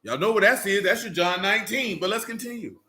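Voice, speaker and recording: A man's voice: high voice, animated, fast, sharp tone. A man leading an interactive Bible study in a classroom, speaking in with a conversational, call-and-response manner and teasing asides. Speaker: Bible teacher. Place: classroom with a group.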